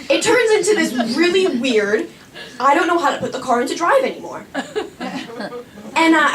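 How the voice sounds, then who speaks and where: A young woman telling a true personal story on stage in a chatty, self-mocking way. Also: high voice. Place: small performing arts studio stage. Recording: echoey room from far off.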